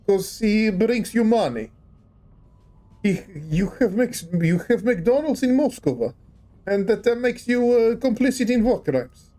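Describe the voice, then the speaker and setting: A hectoring mock-Russian blowhard with heavily rolled R's and broken grammar, as a man puts him on for laughs. He scolds in a raised, higher-pitched voice, slow and mellow underneath, with faint music in the background. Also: full character voice. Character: exaggerated cliche Russian-accented man, scolding and mocking.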